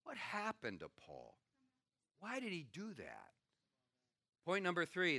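An older man, a pastor, preaching a sermon with animated storytelling and acted-out quotes. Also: high-pitched, slow, vocal fry, no room sound, studio quality.

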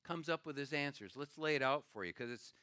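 An older man, a pastor, preaching a sermon with animated storytelling and acted-out quotes. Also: mid-range voice, fairly quick, smooth, dry recording, clean studio sound.

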